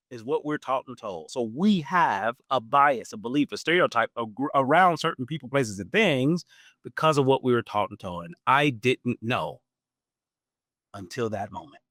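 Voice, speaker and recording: A man in his forties hosting a podcast, telling a personal story in a casual, animated way and laughing often. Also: no room sound, clean studio sound. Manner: animated, acts out quoted voices with big pitch jumps. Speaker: podcast host.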